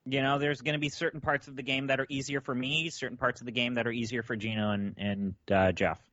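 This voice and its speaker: Bright-toned blunt man, slightly dull audio. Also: medium pitch, fairly even intonation, quick pace, no room sound. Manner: blunt, exasperated, swears casually. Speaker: podcast co-host. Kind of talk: casual chat.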